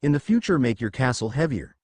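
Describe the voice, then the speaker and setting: A man's voice: medium pitch, big pitch swings, brisk, darkish tone, husky, no echo. A man voicing an overpowered young demon king who talks in a lazy, teasing, offhand way.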